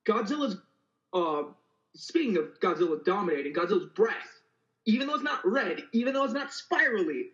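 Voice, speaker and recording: Casting: high male voice, eager fan, slightly muffled lo-fi mic. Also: sing-song, fairly bright tone. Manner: enthusiastic fan, quick explanatory run-ons. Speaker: podcast co-host. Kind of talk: casual film discussion.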